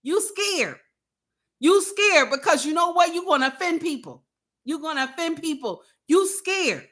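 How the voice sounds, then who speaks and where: A woman's voice: extremely high pitch, expressive, measured pace, fairly bright tone. A woman hosting a casual livestream, talking bluntly and preachily to her viewers and repeating her points for emphasis. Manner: addresses viewers and chat directly. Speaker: livestream host.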